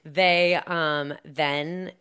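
A woman's voice: deep voice, steady tone, drawn-out words, fairly bright tone, clean tone. A woman casually recapping a film plot in a chatty, sarcastic way, full of fillers and asides. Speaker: podcast co-host recapping a film. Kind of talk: casual chat.

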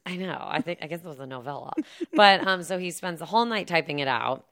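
A woman's voice: low-pitched, expressive, fairly bright tone. A young woman casually and sarcastically recapping a film plot, full of "like" and laughter, briefly acting out the characters' lines. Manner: chatty and sarcastic, lots of "like" and laughs, acts out lines in quick put-on voices. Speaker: podcast co-host recapping a film. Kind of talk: casual chat.

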